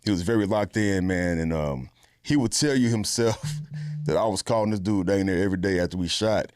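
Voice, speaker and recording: A man, an actor, chatting casually in an interview, relaxed and slangy with lots of fillers. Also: low-pitched, fairly quick, clean tone, no echo, faint music behind. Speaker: actor guest.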